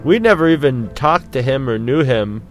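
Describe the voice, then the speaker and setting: A man's voice: medium pitch, expressive, moderate pace, soft background music. A middle-aged man trading school stories as a podcast co-host, laughing often and mimicking a ranting teacher. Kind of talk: casual storytelling chat.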